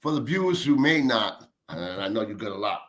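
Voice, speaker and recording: A man hosting a sports interview show, asking questions in a friendly way and letting his phrases trail off softly. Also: mid-range voice, lively intonation, brisk.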